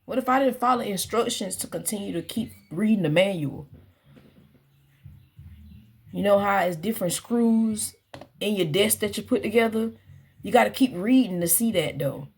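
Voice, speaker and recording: A woman's voice: mid-range voice, moderate pace, vocal fry, pauses often, husky. A woman working as an astrological guide, talking in a casual, earnest spiritual reflection and repeating her phrases as she muses.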